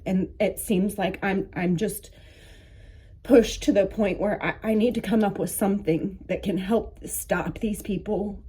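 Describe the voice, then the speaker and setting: A woman giving a halting, emotional personal monologue, with many restarts and fillers, as if close to tears. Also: mid-range voice, dark tone, husky. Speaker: vlogger, coaching.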